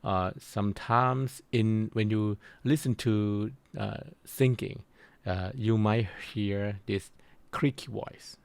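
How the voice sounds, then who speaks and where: Slow, gravelly male lecturer. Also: lowish voice, steady tone, dry recording. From Thailand. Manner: slow, halting explanation with frequent pauses to search for words. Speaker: university lecturer. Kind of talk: recorded course lecture.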